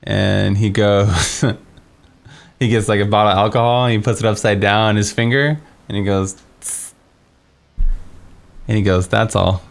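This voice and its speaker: A man's voice: lowish voice, steady tone, normal speed, vocal fry. A young man streaming a game, telling a story in a casual, rambling way with many fillers and restarts. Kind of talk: casual storytelling while playing.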